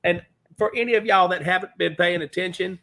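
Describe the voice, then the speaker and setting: A man's voice: sits high, vocal fry, pushed and bright. Hesitant man with a raised voice. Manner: hesitant, halting, with many fillers and restarts. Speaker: co-host. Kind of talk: casual talk show discussion.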